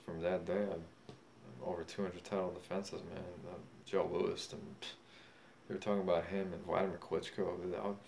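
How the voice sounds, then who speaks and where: A man's voice: sits low, flat delivery, moderate pace, gravelly, darkish tone. A young man, boasting and rambling in a profane, drunken monologue. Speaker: self-styled boxing champion vlogger. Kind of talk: casual monologue. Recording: faint background noise.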